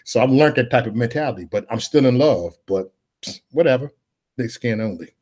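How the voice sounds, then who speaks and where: A man hosts a casual live chat, spinning blunt, slangy stories about family. He talks quickly in a husky, slightly rough voice. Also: medium pitch, expressive, darkish tone. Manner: blunt, streetwise storytelling with slang. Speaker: host of a live chat stream.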